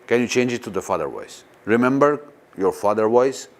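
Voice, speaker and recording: A man teaching a guided meditation in non-native, halting English, often pausing to question a live audience. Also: mid-range voice. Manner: slow and lively, questions the audience. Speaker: spiritual teacher.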